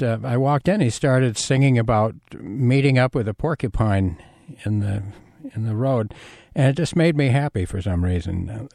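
A man hosting a college radio show, talking casually from a studio mic, rambling with frequent pauses and restarts. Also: medium pitch, darkish tone, no room sound.

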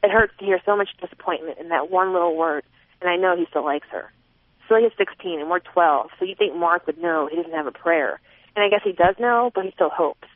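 Woman audiobook narrator, expressive first-person reading, phone-like narrow sound, dry. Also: lowish voice, brisk, no echo. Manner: expressive, voicing a twelve-year-old girl's inner thoughts.

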